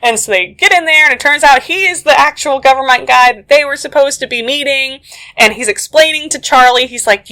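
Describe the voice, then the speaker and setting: A young adult woman co-hosting a podcast, casually retelling a movie plot in a chatty, animated way with lots of filler words. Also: high voice, normal speed. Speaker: podcast co-host. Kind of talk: casual movie recap chat.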